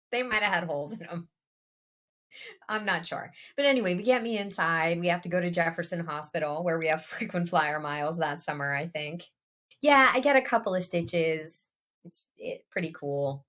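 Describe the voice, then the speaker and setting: A woman co-hosting a podcast, telling a family anecdote in a casual, animated way and laughing along the way. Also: lowish voice, moderate pace. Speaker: podcast co-host. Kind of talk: casual storytelling chat.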